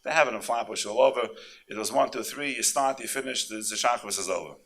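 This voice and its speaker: A man giving an impassioned sermon at a conference, peppered with Yiddish and Hebrew terms, swinging between loud fervent peaks and low confiding asides. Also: fast talker, vocal fry. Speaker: speaker at a conference.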